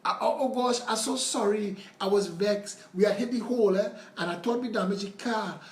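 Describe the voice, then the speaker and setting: A man's voice: sits high, normal speed, pitched above the performer's own voice, close to an everyday voice. A man putting on the voice of a flustered Trinidadian voter who gushes apologies after a rant. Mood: sheepish. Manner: gushing, apologetic, pleading. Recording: roomy with faint noise.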